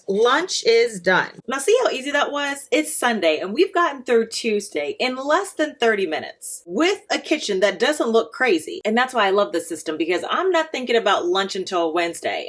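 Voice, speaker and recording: A woman's voice: mid-range voice, a little hiss or hum. Chatty woman, casual home-kitchen food vlogger, loose and conversational. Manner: chatty, lots of "like" fillers. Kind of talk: casual cooking vlog.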